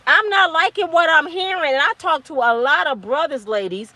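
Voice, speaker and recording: Woman, fifties, high pitch; blunt profane straight-talking vlogger lecture. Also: normal speed, no room sound. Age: 50s. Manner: blunt, preachy, profane, yelling at times. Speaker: motivational vlogger. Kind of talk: impassioned monologue to camera.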